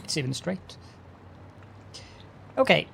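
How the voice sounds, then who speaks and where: A man's voice: fairly high pitch, sing-song, takes it slowly, vocal fry, a bit bright, a little hiss or hum. A man streaming a factory-building game, chatting with viewers and talking himself through each step in a mock-formal, playful way. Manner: greets chat with mock-formal politeness. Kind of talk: live-stream gameplay commentary.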